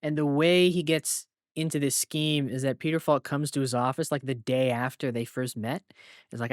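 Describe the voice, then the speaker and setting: A man's voice: medium pitch, steady tone, moderate pace, dry recording, studio quality. A man co-hosting a podcast, retelling movie scenes in casual chat, with many fillers. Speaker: podcast co-host.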